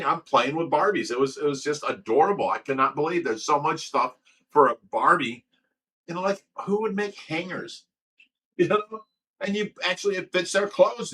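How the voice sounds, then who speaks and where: A middle-aged man from Ohio hosting a casual livestream, telling stories with a lot of laughter. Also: on the high side. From Ohio, USA. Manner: laughing, animated storytelling. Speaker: livestream host.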